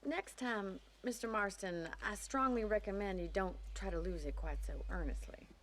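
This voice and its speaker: An actress voicing a young ranch woman in a video game cutscene, with a dry, sharp-tongued teasing manner. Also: medium pitch, moderate pace, slight background noise, lightly acted. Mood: brisk.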